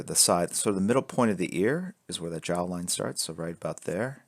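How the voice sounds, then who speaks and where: Low-voiced man teaching drawing on stream. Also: brisk, few pauses, no room sound, clean studio sound. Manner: relaxed, joking, reads chat aloud while sketching. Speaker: artist streaming a drawing lesson. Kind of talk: casual live-stream drawing instruction. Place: indoors at a drawing board. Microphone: camera fixed to drawing board.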